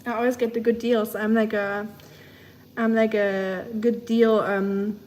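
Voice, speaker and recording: A woman's voice: medium pitch, flat delivery, unhurried, darkish tone. A woman with a German accent chatting casually with her livestream chat, rambling along with lots of fillers.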